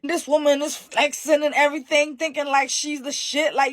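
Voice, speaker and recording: Haitian lady telling witch stories, sassy and cussing, high voice, dry close sound. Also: fairly quick, few pauses, dry recording. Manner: sassy, profane, animated. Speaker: storyteller. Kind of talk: casual spooky storytelling.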